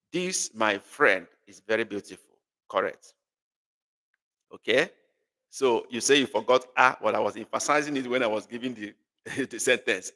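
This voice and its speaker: Nigerian male tutor, bright and forceful, playful, calls students by name, long room reverb. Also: mid-range voice. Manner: teasing, repeats phrases, calls on students by name. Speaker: language tutor. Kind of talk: live online class.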